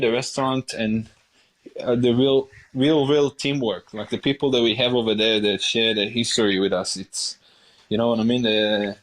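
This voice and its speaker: A man in his forties with an Israeli accent, a chef telling his story in a casual interview, animated and often repeating words as he restarts. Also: medium pitch. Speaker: chef, podcast guest.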